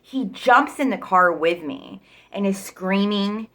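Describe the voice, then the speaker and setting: A woman's voice: medium pitch, expressive, slow, a bit bright. A woman telling her own story casually and bluntly, rambling and swearing freely.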